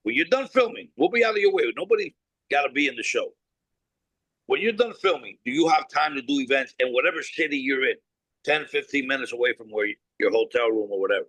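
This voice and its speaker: A bright, forceful man tells stories in an interview with no-nonsense bluntness, acting out both sides of past conversations and swearing freely. His voice is close and dry, with no room sound at all. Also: mid-range voice, lively intonation, quick pace, dry recording, low-quality recording. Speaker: cigar company founder, guest. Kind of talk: animated storytelling interview.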